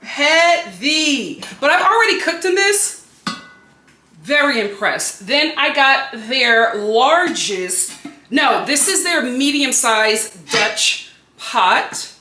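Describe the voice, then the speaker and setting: A woman from Philadelphia chatting to the camera in her home kitchen, excitable and chatty, laughing often. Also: high-pitched, slow. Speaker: home lifestyle vlogger. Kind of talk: casual chat to camera. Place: home kitchen under studio lights. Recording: echoey room.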